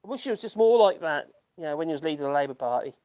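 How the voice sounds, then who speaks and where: A man's voice: fairly high pitch, animated, racing, a little mellow, clean tone. A man from the United Kingdom, hosting a casual live-stream chat and reading out viewer comments. He rambles in a self-deprecating way, chuckles often and restarts his sentences a lot. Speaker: YouTube channel host. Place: at home in rural France.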